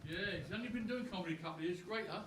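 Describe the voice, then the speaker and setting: A man's voice: high-pitched, rapid-fire, heavy background noise. A man hosting a comedy show, introducing the next act in a rambling, playful way. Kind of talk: emcee introduction.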